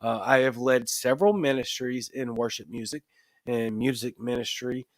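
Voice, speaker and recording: A Cajun-accented man hosts a live stream at a desk microphone, chatting straight to his viewers. He is earnest and emphatic and keeps repeating himself to drive a point home. His voice sits at an ordinary pitch, and the sound is dry and close. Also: moderate pace, no room sound. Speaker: host of a live show. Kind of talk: casual livestream talk, reading viewer comments. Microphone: desk microphone in front of camera.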